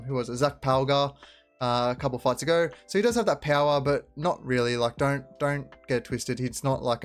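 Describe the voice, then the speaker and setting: A young man hosting his own betting picks show, talking casually and sarcastically with lots of fillers. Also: mid-range voice. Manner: sarcastic, rambling with many fillers. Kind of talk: casual sports prediction talk.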